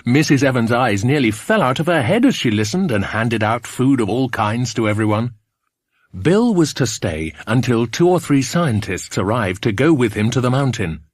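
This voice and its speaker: A man reading a children's adventure story aloud, clear and measured, his pitch moving expressively. Recorded close on a studio mic, completely dry. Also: very animated, no room sound. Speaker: narrator. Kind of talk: audiobook reading.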